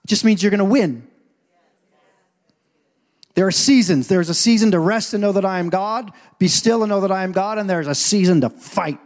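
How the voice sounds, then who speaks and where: A man preaching a sermon as pastor, telling stories and acting out scenes, swinging from quiet asides to loud points. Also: sits high, normal speed.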